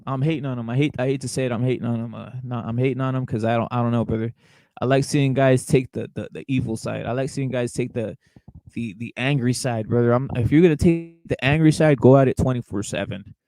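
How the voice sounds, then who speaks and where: This young fight-talk streamer is a fast talker with a creaky, mid-pitched voice held close to a dry mic, no room sound. Blunt and profane, he repeats himself, calls his audience brother, and reacts to live chat in a casual way. The audio is low-quality.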